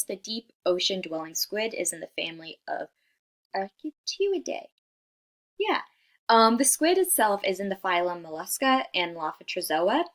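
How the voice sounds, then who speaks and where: A young woman presenting a class slideshow in a casual, chatty way, with many fillers and frequent "right?", apologizing as she stumbles over hard scientific words. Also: medium pitch. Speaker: student presenter.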